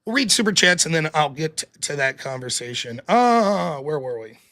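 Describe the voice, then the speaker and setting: A man's voice: a little high, animated, bright, forceful tone. A man hosting a political call-in stream, arguing hard and swearing, then reading donations aloud. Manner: combative, profane, rapid-fire questioning. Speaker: call-in show host.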